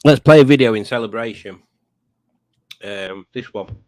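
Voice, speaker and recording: A man's voice: medium pitch, normal speed, darkish tone. A middle-aged man chatting on a home live stream, rambling and poking fun at himself. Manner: rambling, chatty and self-mocking. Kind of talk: casual live stream chat.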